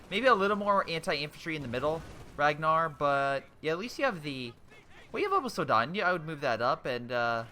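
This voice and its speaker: Young male commentator, excitable and chatty over game replays, bright ringing tone, faint hiss behind. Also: medium pitch. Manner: excitable, exclaiming, rambling with restarts.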